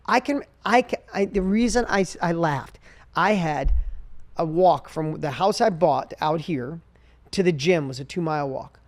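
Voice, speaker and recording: A man in his forties from upstate New York hosting a podcast, telling his own story in an earnest, quick way. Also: fairly high pitch, animated. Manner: earnest, fast personal storytelling. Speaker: podcast host. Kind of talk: conversational interview.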